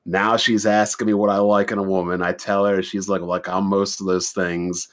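A man's voice: low-pitched, level tone, moderate pace. A young adult man on a podcast telling a dating story in a blunt, profane, casual way, acting out both sides of the conversation in his own voice. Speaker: podcast host.

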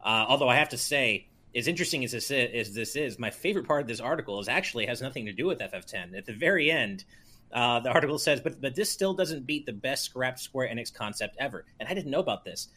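Male podcast co-host, bright forceful voice, loose rambling delivery. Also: medium pitch, animated, quick pace, breathy edge. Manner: rambling, hedging with fillers. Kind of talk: casual chat.

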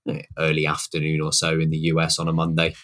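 A man's voice: very deep voice, monotone, fast, a bit bright. A British man co-hosting a casual podcast, teasing his friends and laughing easily. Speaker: podcast co-host. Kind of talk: casual chat.

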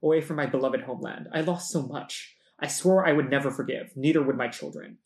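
A man reading aloud the lines of a dazed, bitter and vengeful goddess, voicing them slowly and dreamily in a book reading. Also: fairly high pitch, a little mellow, reverberant, natural voice.

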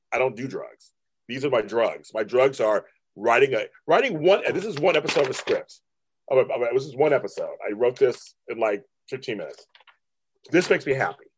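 A man's voice: mid-range voice, slightly rough. A man in his fifties, a guest artist talking candidly in an interview, blunt and profane, mimicking his family in raised voices. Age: 50s. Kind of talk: candid casual interview talk.

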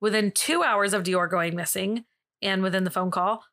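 A young woman hosts a true-crime podcast and walks through a case in loose, conversational speech. Her voice is bright and crisp, and she laughs easily and drops the odd swear word. She sits at a middle pitch for a woman. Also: fairly even intonation, normal speed. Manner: chatty, laughs often, swears. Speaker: podcast host. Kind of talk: casual true-crime storytelling.

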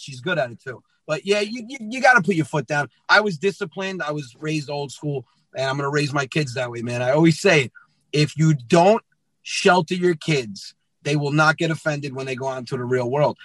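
Male comic, 30s, bright and a bit high, animated storyteller, dry close sound. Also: normal speed, dry recording, rough recording. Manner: lively, acts out dialogue, says "man" often. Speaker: comedian guest.

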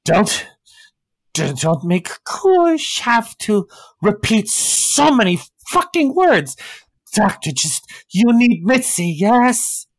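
A man voicing a crude, irritable male vampire with a stitched-open face, speaking in a slow, raspy, cursing way. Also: sits high, very animated, no echo, pitched above the performer's own voice, exaggerated voice. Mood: irritated.

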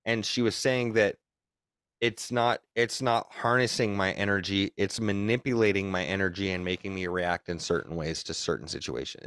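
A man's voice: on the low side, a bit bright, no room sound, clean studio sound. A young man casually telling a long story on a podcast, rambling and swearing, with emphatic repeats. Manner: rambling, profane, emphatic retelling.

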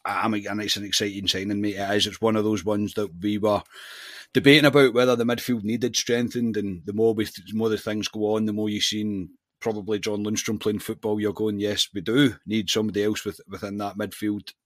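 Low dry-voiced Scottish co-host. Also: male voice, fairly quick, dry recording. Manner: animated storyteller, says "mate" constantly. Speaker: podcast co-host. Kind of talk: casual football chat.

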